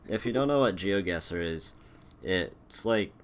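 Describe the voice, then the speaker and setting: A man hosting a casual video call chat, easygoing and quick with short agreeing replies. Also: low voice, animated. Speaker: host.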